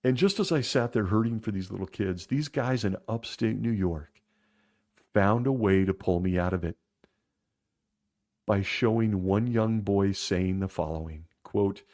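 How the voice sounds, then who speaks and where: A man hosting a critical commentary show, speaking in a blunt, sarcastic and openly emotional way, with sudden jumps in pitch when he gets worked up. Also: a little slow, darkish tone. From former Jehovah's Witness upbringing.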